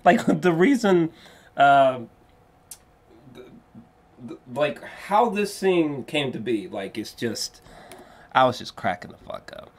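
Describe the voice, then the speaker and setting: Man, casual film review, excitable and rambling, lots of fillers, mid-pitched voice. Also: slow, long pauses. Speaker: movie reviewer.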